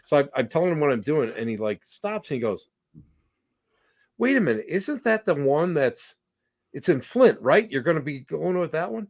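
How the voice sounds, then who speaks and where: Slightly high in pitch and moving at a moderate pace, this male podcast guest tells anecdotes in relaxed conversation. He's animated, performing the voices of the characters in his stories.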